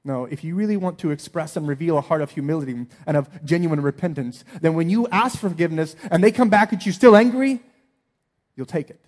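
This man, a pastor in his thirties, gives an earnest sermon that dips low and then swells into strong appeals. His voice is fairly high and he talks fairly quickly.

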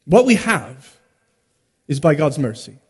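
High-voiced man preaching in a reverberant hall. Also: sing-song, slightly rough. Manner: emphatic, swinging between loud stresses and hushed drops; rhetorical questions and dramatic pauses. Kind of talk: expository sermon.

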